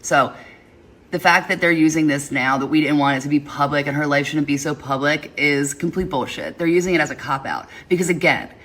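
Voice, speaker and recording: A woman's voice: deep voice, a little fast, a bit bright. A woman giving her opinions in a casual video, emphatic and indignant.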